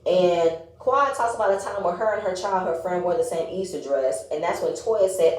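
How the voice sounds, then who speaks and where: A woman's voice: lowish voice, moderate pace, darkish tone. A woman giving a blunt, sassy casual review of a reality show, swearing freely and acting out what the cast said. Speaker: reality TV recapper. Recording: echoey room.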